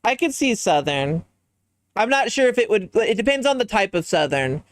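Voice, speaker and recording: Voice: mid-range voice, sing-song, moderate pace, dry recording. A livestreamer chatting casually while designing a character, thinking aloud and answering chat in a musing way.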